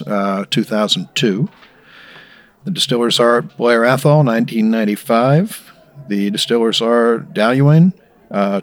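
A man hosting a drinks tasting show, reading sponsors and the lineup in a casual joking way. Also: mid-range voice. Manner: joking, reads sponsor spots. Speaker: show host.

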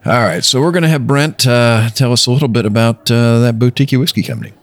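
A man hosting a casual drinks podcast, joking and rambling with filler pauses. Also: medium pitch. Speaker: podcast host.

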